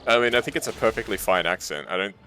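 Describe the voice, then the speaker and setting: A man's voice: on the low side, lively intonation, fast talker, bright, forceful tone, faint music behind. A young Australian man, a streamer casually chatting with his live chat while gaming, reading messages aloud and laughing often.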